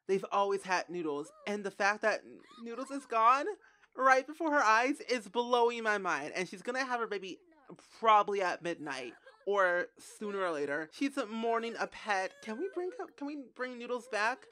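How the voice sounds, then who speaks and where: A young adult woman commentating her gameplay, dramatic and quick to cry out in dismay. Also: mid-range voice, bright, forceful tone. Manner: dramatic, shrieks and cries out in dismay. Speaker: game streamer.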